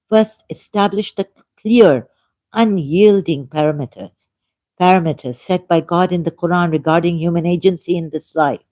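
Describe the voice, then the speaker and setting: A woman with a low, mellow voice reads a text aloud on her own channel and comments on it. She takes it slowly and deliberately and stops now and then for apologetic asides. The sound is close and dry, from a dim room. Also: no room sound. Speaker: channel host. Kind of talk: reading aloud and commenting, casual vlog.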